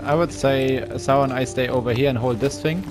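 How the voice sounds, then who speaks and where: A man in a mid-range voice giving calm, tactical calls over game voice chat. He lays out plans for the team in a steady, practical way. Music plays clearly under him. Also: medium pitch, brisk. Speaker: teammate.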